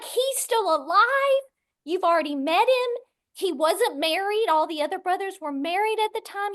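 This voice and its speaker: A middle-aged woman from West Texas, guesting on a podcast and telling her story with animated voices for the people in it. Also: extremely high pitch.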